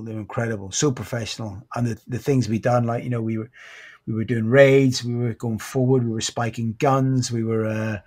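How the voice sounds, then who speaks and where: A British man in his fifties, a former Royal Marine, telling his story in a podcast interview, halting and sombre, his voice catching with emotion at times. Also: medium pitch, darkish tone. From Britain. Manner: halting, restarts often, sombre recounting.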